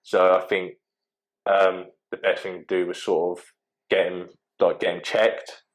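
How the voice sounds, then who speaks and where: A young man with a low voice speaks as a podcast guest. He talks casually and haltingly, full of fillers and restarts. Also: flat delivery, rough recording. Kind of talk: casual interview talk.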